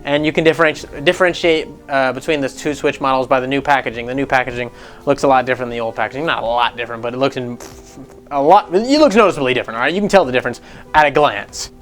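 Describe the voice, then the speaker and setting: A man's voice: mid-range voice, quick pace, fairly bright tone, soft background music. A man hosting casual gaming news commentary, rambling and sarcastic, swearing freely as he goes.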